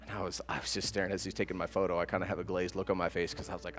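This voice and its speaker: A man preaching a sermon as pastor, telling stories with lively acted-out quotes. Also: deep voice, very fast. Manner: animated storytelling with acted-out quotes. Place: church sanctuary. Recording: long church reverb with soft guitar.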